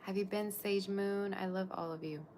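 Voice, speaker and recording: A woman's voice: mid-range voice, fairly even intonation, normal speed, background noise. A woman reading tarot on a live stream, gushing over her viewers and chatting loosely between cards. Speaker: tarot reader.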